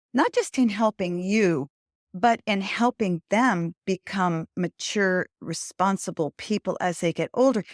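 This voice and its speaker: An older woman hosting a podcast interview, talking earnestly and adding lively emphasis when she gives advice. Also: medium pitch, no room sound, clean studio sound. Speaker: podcast host. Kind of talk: conversational interview.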